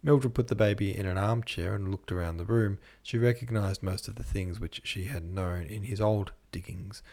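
A man reading a classic novel aloud as a podcast host, in measured literary narration. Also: on the low side, darkish tone. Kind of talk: scripted narration.

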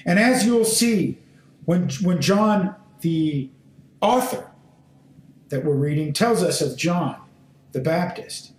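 A man teaching a sermon and reading scripture aloud, speaking in short, deliberate phrases and pressing his listeners with emphatic questions. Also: sits high, animated. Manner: slow, deliberate phrasing in short measured fragments. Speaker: Bible teacher. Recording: roomy echo.

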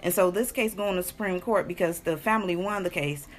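Woman cohost just talking, slangy and lively, cusses a bunch. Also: fairly low pitch, brisk. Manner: animated, profane, talks in a slangy, chatty way. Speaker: co-host. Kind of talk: casual podcast chat.

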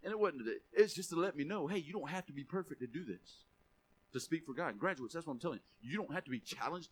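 A man preaching a sermon with passion, moving between quiet, chatty asides and raised, driving declarations. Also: a little high, lively intonation, quick pace, breathy edge.

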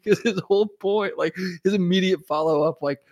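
A man's voice: high-pitched, normal speed, a little mellow, no echo, muffled recording. A man co-hosting a casual show, giving his chatty take and often laughing between thoughts. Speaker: podcast co-host. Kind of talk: casual chat.

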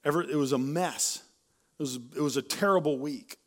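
A man preaching a sermon in a casual, conversational way, often tagging "right?" onto his points and restarting sentences, a little hoarse and clearing his throat. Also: fairly high pitch, normal speed, a bit bright. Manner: conversational, keeps asking "right?", with many restarts. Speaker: pastor. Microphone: handheld or stage mic.

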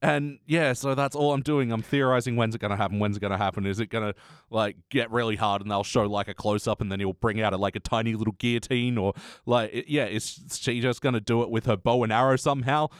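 A man's voice: medium pitch, fairly even intonation, fast talker, smooth, no echo. Laughy podcast guy, punny, rambling theories, plain middle voice, dry mic. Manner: laughs often, goofy puns and theories. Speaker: podcast co-host. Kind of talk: casual chat.

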